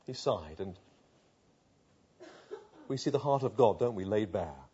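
A man preaching a sermon, retelling scripture with earnest rhetorical questions and dropping to a hush at tender moments. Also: fairly low pitch, animated, measured pace, slight background noise. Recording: dull lo-fi sound.

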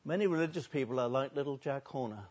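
An older man, a pastor, preaching a sermon, swinging between soft and loud and drawing out words for emphasis. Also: medium pitch, animated, fast. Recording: dull lo-fi recording.

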